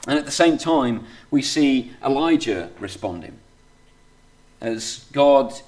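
A man's voice: mid-range voice, animated, slow pace, a little mellow. A man preaching a sermon in a conversational way, reading scripture aloud and filling his talk with "kind of" and "you know". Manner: reads scripture aloud steadily.

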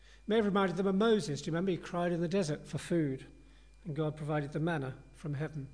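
Talking fast, this man preaches a sermon, leading his congregation through a passage in an easy, conversational way that's sincere and reflective. His voice sits a little above typical male pitch.

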